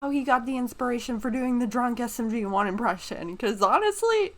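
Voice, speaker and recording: A woman's voice: on the high side, expressive, brisk, a bit bright. A woman hosting a reaction video, enthusiastic, laughing often and gushing over what she watches.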